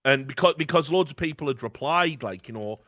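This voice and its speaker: A man's voice: medium pitch, expressive, a little fast, a bit bright, no echo, studio quality. A man co-hosting a casual podcast, talking in a rambling, emphatic, profane way. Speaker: podcast co-host.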